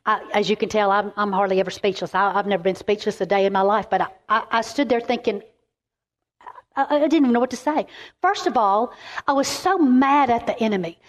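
A middle-aged woman preaching a storytelling sermon as a women's ministry speaker, animated and emphatic, often restarting her words. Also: mid-range voice, a little fast.

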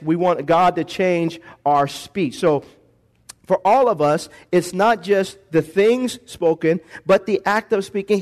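Male preacher, high voice, call-and-response sermon, church microphone. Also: darkish tone. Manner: call-and-response preaching, varies pace and volume. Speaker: pastor.

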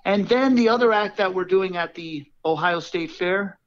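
A man who owns a circus act, telling casual anecdotes and quickly acting out what people said. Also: high-pitched, highs cut off. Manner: animated anecdotes, quoting people in quick voices. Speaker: circus performer, owner of the act. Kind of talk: casual storytelling.

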